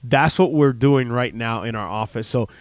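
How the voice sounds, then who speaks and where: A man's voice: medium pitch, moderate pace, no room sound. A man in his thirties, a chiropractor hosting a radio talk show, speaking casually with many fillers and restarts into a close studio mic.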